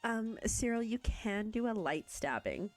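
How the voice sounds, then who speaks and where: A woman's voice: medium pitch, very animated, a little slow, soft background music. A young woman chatting casually with viewers while she plays a video game, bubbly and self-teasing. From Canada. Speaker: streamer. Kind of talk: casual live-stream chat while playing a video game.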